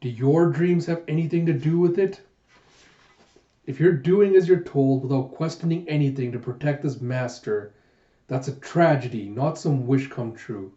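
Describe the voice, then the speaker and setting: A man's voice: mid-range voice, moderate pace, warm tone, reverberant, muffled recording, close to an everyday voice. A man voicing a flippant, proud young dragon warrior with a breezy, sardonic manner while reading a manga aloud.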